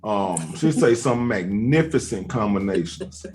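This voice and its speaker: A man's voice: lowish voice, lively intonation, unhurried, darkish tone, soft background music. Laid-back man spinning a long story. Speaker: host. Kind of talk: casual chat, storytelling.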